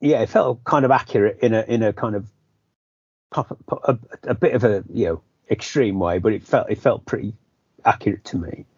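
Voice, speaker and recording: British guy rambling on about a movie, lots of restarts, kinda raspy, dull lo-fi sound. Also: lowish voice, brisk, a little mellow, no room sound. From Britain. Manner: rambling, self-correcting, many restarts. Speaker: podcast co-host. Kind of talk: casual film discussion.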